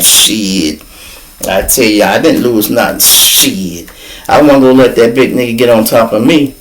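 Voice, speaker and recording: An older man from Chicago hosting a podcast, telling a story in a casual, animated way, full of profanity and spoken sound effects. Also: medium pitch, unhurried, low-quality recording. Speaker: podcast host.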